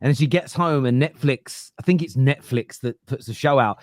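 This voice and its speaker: A man hosting a casual football podcast, rambling and animated as he talks. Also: medium pitch, normal speed, dry recording, studio quality. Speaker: podcast host.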